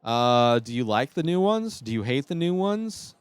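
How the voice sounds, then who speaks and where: A man's voice: mid-range voice, big pitch swings, moderate pace, clear, resonant tone, no room sound. Enthusiastic man rambling solo. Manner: enthusiastic, rambling with restarts and fillers. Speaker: podcast host. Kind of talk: casual solo commentary.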